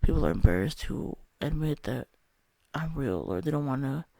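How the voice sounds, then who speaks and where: A man's voice: medium pitch, lively intonation, moderate pace, vocal fry, mellow, no room sound. A young man telling a candid, rambling personal story about a spiritual experience, swearing often. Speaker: vlogger.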